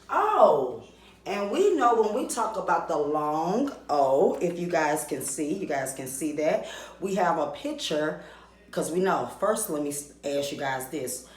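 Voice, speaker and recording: Woman teacher, unhurried, stretches vowels for little kids; roomy echo. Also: on the low side. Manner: slow, drawn-out sounding of vowels with questions to the class. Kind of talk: recorded reading lesson for young children. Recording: echoey room.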